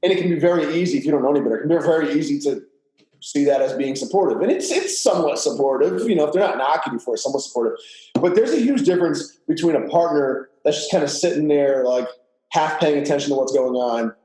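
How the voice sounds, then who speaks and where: A man's voice: fairly high pitch, lively intonation, quick pace, dark tone. Candid, swearing man in a roomy room. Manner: candid, profane, filler-heavy storytelling. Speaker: podcast guest. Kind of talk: casual chat. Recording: roomy echo.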